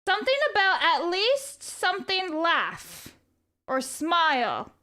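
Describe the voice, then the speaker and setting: A woman's voice: very high voice, very animated, slow pace, pushed and bright. A woman livestreamer chatting casually and reading viewer messages aloud. She rambles, jokes and swears freely. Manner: rambling and profane, reads chat aloud. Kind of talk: casual live stream chat.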